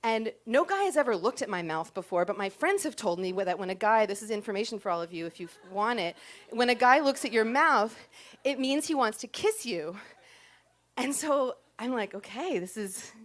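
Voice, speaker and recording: A woman's voice: on the high side, animated, normal speed. A woman performing a comic personal story in a chatty, self-deprecating way, timing her punchlines.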